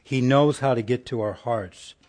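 A man preaching a conversational sermon in a folksy way, asking his listeners rhetorical questions and sinking to a soft, hushed tone for tender passages. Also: medium pitch, normal speed.

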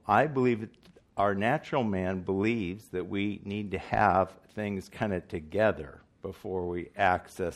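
A man's voice: on the low side, gravelly. A man preaching a sermon in earnest, emphatic style, asking his listeners questions.

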